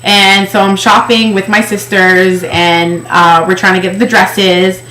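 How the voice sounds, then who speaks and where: A woman's voice: mid-range voice, level tone, unhurried, pushed and bright. A woman candidly telling an emotional personal story about her past. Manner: candid, emotional, acts out quoted voices. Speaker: weight-loss project participant. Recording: echoey room.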